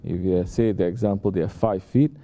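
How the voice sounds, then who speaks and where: A man, a sheikh, giving an unhurried sermon and often checking in with his listeners with rhetorical questions. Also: low-pitched, dark tone. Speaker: sheikh giving a talk at a Sufi lodge.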